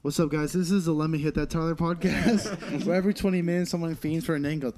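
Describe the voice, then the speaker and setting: A man's voice: fairly high pitch, fast, a crowd in the background. A young man hosting a casual comedy podcast, telling stories animatedly with lots of swearing. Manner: animated storytelling with frequent swearing and laughs. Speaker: podcast host.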